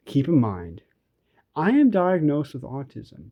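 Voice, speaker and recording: A man's voice: mid-range voice, sing-song, normal speed, dark tone. A young man venting in a frustrated, rambling rant, swearing often and restarting his sentences. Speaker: vlogger. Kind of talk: ranting vent recording.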